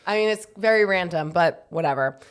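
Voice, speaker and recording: A young woman with a slightly low voice chatting on her podcast. She sounds a little short of breath from pregnancy and keeps a teasing, laughing tone. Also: fairly quick, clean tone. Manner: playful, teasing, laughs often. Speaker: podcast co-host. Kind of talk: casual chat.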